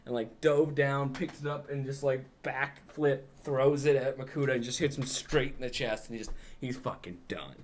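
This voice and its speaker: A man's voice: medium pitch, normal speed, few pauses, slight background noise. A young adult man, a podcast co-host, recapping a film in a rambling, casual way, peppered with "like" and swearing.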